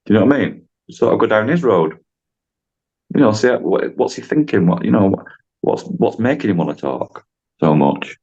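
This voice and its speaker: A man's voice: fairly low pitch, very animated, measured pace, pauses often, a little mellow, muffled recording. A man, a driving instructor, telling a story in a chatty, rambling way on a podcast and acting out the dialogue.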